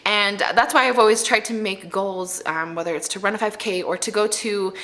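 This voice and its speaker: Bright-voiced young woman giving earnest advice. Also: mid-range voice, normal speed. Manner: earnest and heartfelt, addressing moms directly. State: pregnant. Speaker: mommy vlogger. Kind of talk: casual advice vlog to camera.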